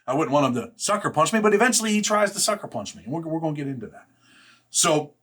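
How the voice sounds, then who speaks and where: A man with a fairly high, fairly bright voice and big pitch swings tells a personal story casually, using rough, blunt, profane street slang and filling every pause with "man" and "right?".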